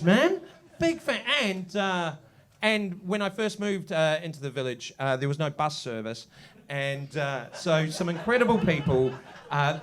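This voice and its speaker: A man with a New Zealand accent performing stand-up in a pub on a stage mic. His voice sits very high and swoops all over the place. He is crude and animated and bursts into loud, shouted punchlines. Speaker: stand-up comedian. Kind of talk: live stand-up set. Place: live show in a village pub.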